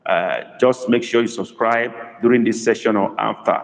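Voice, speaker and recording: A man teaching a live online language lesson, slowly repeating sentences and reading out viewers' comments. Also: fairly low pitch, steady tone, gravelly, in a large hall, low-quality recording. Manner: slow, deliberate repetition of sentences. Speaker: language tutor.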